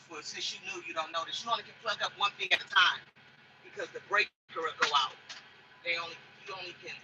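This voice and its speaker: A woman's voice: low voice, sharp tone, a little hiss or hum, rough recording. A woman truck driver chatting in a casual cooking vlog from inside her truck cab. She rambles and repeats herself as she talks.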